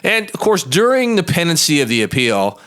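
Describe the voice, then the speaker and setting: A man's voice: on the high side, sing-song, fairly quick, fairly bright tone, smooth. Folksy, emphatic male lawyer. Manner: plain-spoken and blunt. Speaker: lawyer and show host. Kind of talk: monologue podcast.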